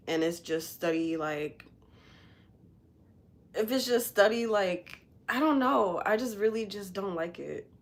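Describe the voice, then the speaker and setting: A woman hosting a casual livestream, talking candidly and bluntly in a rambling way with lots of fillers, sounding emotional after recent crying. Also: on the low side. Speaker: livestream host.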